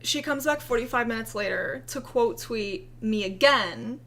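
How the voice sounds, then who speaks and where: A young woman talks through her commentary with biting sarcasm, frequent swearing and bursts of laughter. Her voice sits fairly high, and she draws her words out at an unhurried pace. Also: fairly bright tone. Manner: sarcastic, profane, laughing, chatty. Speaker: commentary video host. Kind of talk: casual commentary.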